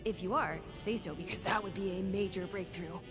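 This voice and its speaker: An actress voicing a brisk, chirpy female ghoul scientist in a video game, perky and a little sarcastic. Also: medium pitch, over music, natural voice.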